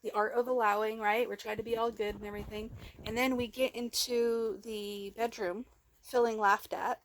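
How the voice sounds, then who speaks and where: In a flat delivery at a moderate pace, a woman with a slightly high voice recounts a raw personal vlog story into a handheld phone. She rambles, gets emotional, restarts many times, and speaks of herself as "we."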